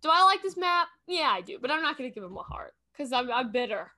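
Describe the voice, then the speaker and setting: A woman playing a guessing game, chatting casually and thinking out loud, often correcting herself mid-sentence. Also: high-pitched, big pitch swings, fast. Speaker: game streamer. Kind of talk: casual gameplay chat.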